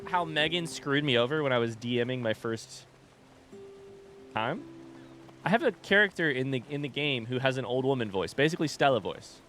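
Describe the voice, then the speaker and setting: A man streaming a game live in a relaxed, rambling way, greeting chat and swearing casually. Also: medium pitch, brisk. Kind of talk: casual gaming livestream chat. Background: game music.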